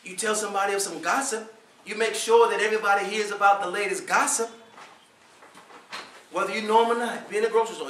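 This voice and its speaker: Male preacher, Friday sermon, fervent with rhetorical questions, high voice, recorded from afar in a reverberant hall. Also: a little fast, long pauses, slight background noise. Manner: impassioned, rhetorical questions, swells to near-shouts. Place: prayer hall. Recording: echoey room, voice from far off.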